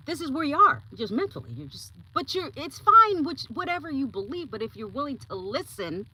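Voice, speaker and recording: A young woman hosting a podcast, talking casually and giving her opinions, often acting out other people's lines in quick put-on voices. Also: fairly high pitch, rough recording. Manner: animated, acts out voices in quotes. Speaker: podcast host.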